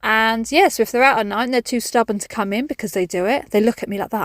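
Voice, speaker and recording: A woman's voice: on the high side, fast talker, dry recording, clean studio sound. A woman chatting casually in a garden vlog, jokey and self-mocking. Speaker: vlogger. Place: outdoors in a garden.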